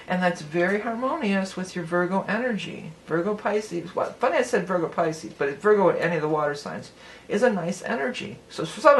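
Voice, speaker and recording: A woman talks through a tarot spread straight to her viewer in a loose, chatty way, often collapsing into giggles. Her voice sits in an ordinary middle range. A faint hiss runs under the recording. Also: mid-range voice. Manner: chatty and giggly, breaking into laughter. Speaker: tarot reader. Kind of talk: casual tarot reading monologue.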